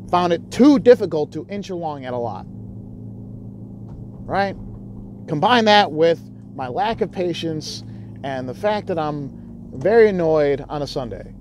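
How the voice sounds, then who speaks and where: A man telling a vlog story in a loud, heated, profane way, with frequent restarts. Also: on the high side, slight background noise. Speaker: YouTuber. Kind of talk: casual vlog recounting.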